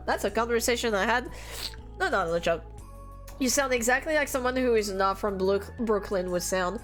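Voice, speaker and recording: A woman's voice: a little high, sing-song, measured pace, pauses often, soft background music. A young woman from France chatting casually on a livestream, giggly and laughing often. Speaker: streamer.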